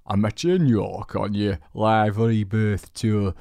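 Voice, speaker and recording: A man's voice: lowish voice, steady tone, takes it slowly, creaky, no room sound. A man putting on a broad Yorkshire letter-writer. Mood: jolly. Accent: put-on Yorkshire. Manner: exaggerated, loud and drawn out.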